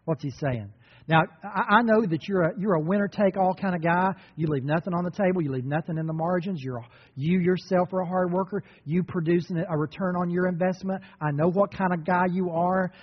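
High-voiced, husky male preacher. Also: brisk, in a large hall, muffled recording. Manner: emphatic, repetitive preaching. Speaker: pastor. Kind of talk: sermon.

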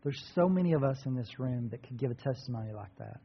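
A man preaching a sermon to a congregation, animated and conversational. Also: medium pitch, fast, gravelly, breathy edge. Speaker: pastor. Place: church sanctuary. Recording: dull sound in a reverberant hall.

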